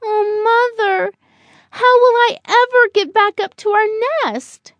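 A woman voicing a timid little boy bird chick in a children's storybook, high, squealing and excitable. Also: takes it slowly, dry recording, lo-fi sound, exaggerated voice. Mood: worried.

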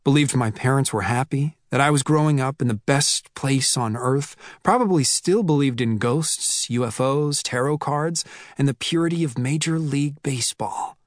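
A man narrates a first-person novel in a measured, reflective way, with a mid-range voice. He reads into a close mic in a dry booth with no room sound. Quoted lines come out a little raised. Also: mid-range voice, no echo. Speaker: audiobook narrator. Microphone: close studio mic.

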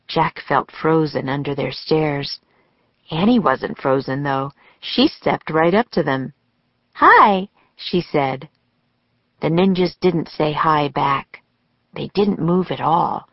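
An older woman narrating a children's audiobook in a calm, steady storytelling manner. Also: low-pitched, slow pace, vocal fry, no echo, muffled recording. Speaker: author narrating her book.

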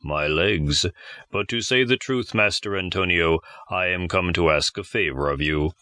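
A man voicing a hot-tempered old male woodcarver in a low, gruff voice for a storybook reading. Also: normal speed, pushed and bright, dry recording, clean studio sound.

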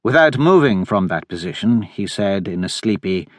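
A man narrating an audiobook in measured, steady storytelling in a recording studio. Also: deep voice, dry recording. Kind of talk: scripted narration. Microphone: close studio mic.

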